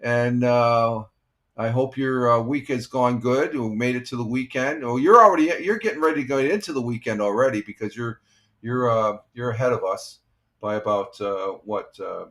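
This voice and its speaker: A man's voice: medium pitch, normal speed, fairly bright tone. A man in his sixties, a retired firefighter, hosting a casual morning live stream and chatting with viewers in a rambling, easygoing way with many fillers. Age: 60s.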